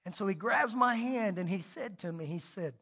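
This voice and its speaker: A middle-aged man preaching a sermon as pastor, telling stories and swinging between loud and hushed delivery. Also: high-pitched, animated, moderate pace, vocal fry, breathy edge, in a large hall.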